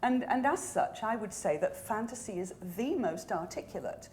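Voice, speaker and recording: A woman's voice: mid-range voice, lively intonation, normal speed, darkish tone, slight background noise. A woman author speaking on a festival panel, articulate and wry. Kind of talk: panel discussion. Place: festival stage.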